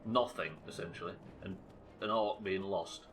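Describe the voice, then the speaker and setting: A man's voice: sits low, fairly even intonation, moderate pace, slight background noise. A man giving live gameplay commentary, swearing and joking with his chat. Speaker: streamer.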